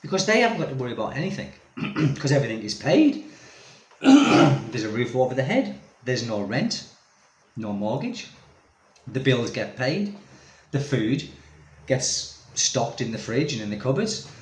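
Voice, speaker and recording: A man's voice: mid-range voice, very animated, unhurried, long pauses. A man vlogging as an expat, ranting casually to camera in a rambling, exasperated way full of tag questions. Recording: echoey room.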